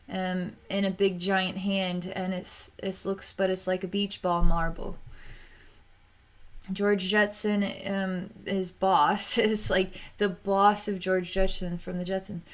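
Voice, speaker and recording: Woman psychic, mid-range voice, talks through a vision in soft, searching, halting phrases. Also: medium pitch. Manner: halting and searching, with frequent restarts. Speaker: psychic reader. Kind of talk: narrating a psychic vision in real time.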